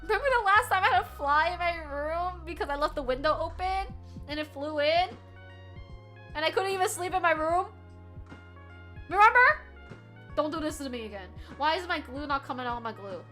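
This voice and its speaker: Faint music plays as a woman streamer with a high voice chats fairly quickly with her viewers while doing crafts in a room at home. She's animated, swears freely and reacts loudly to the chat.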